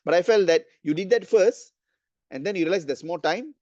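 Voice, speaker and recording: A man's voice: high-pitched, a little fast, darkish tone, no room sound, highs cut off. A man evaluating speeches at a club meeting, hesitant, with many fillers and restarts. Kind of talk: giving spoken feedback at a club meeting.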